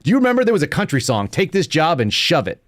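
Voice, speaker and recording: A man's voice: a little high, wildly swooping pitch, fast, no echo, clean studio sound. A man in his thirties hosting a live podcast, giving blunt, mocking commentary and laughing often. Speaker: podcast host.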